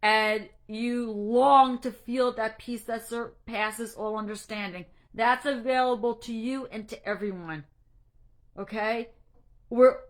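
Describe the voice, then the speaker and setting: A woman anxiety coach giving an earnest, faith-based encouragement talk, emotional and halting, stumbling and restarting as she speaks. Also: on the high side. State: emotional, near tears.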